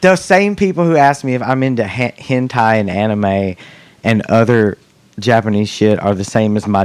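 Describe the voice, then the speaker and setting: Podcast host, middle-aged man, rambling and cussing, lowish voice, dead-dry room. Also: darkish tone, clean tone, no room sound. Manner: rambling, joking, swears freely. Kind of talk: casual chat.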